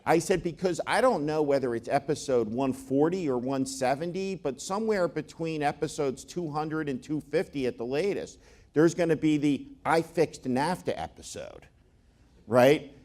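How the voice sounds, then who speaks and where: A man's voice: fairly high pitch, expressive, moderate pace, darkish tone. A man speaking to an audience, telling joking anecdotes in a wry, conversational way with frequent restarts. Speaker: panel speaker. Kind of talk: conversational talk before an audience.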